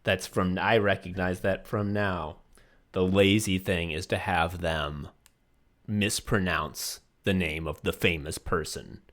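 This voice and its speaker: Man, fairly low voice, comedy podcast rant, profane, laughs a lot. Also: fairly even intonation, slow, a bit bright. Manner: ranting and profane, with exaggerated mock voices; laughs often while talking. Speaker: podcast co-host. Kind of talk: casual comedy podcast chat.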